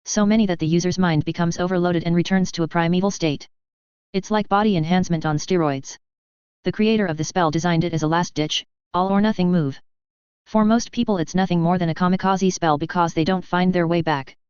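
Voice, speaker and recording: A blunt, sharp-tongued female mage, as a woman narrator reads her. She lectures plainly in a storybook reading. The voice is low and very clear over dry sound. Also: steady tone, fairly quick, no echo, highs cut off, lightly acted. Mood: incredulous.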